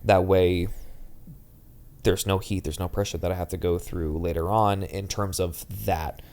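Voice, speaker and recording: A man co-hosting a podcast speaks in a halting, intense way, often restarting his sentences. His voice is very deep and his delivery slow and deliberate. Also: steady tone, a little mellow. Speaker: podcast co-host. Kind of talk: casual podcast discussion.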